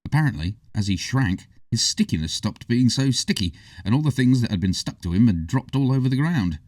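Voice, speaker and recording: A man reading a children's story aloud in an expressive, animated way, heard from a distance. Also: medium pitch, brisk, no room sound. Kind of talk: storybook narration. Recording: distant, dry.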